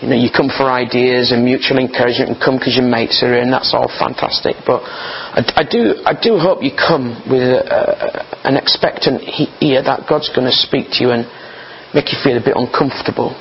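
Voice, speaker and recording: A man preaches an informal sermon in an earnest, chatty way, often stumbling over and repeating his words. His voice sits at an ordinary middle pitch. The recording sounds a little dull and muffled, with a faint hiss behind it. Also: normal speed.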